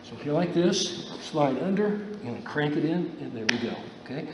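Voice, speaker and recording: A man's voice: a little high, lively intonation, normal speed. A man teaching a judo class on the mat, talking in a loose, repetitive coaching way and checking in with "okay?" after each step. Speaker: judo instructor. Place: gym mat room. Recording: echoey room from far off with faint hiss.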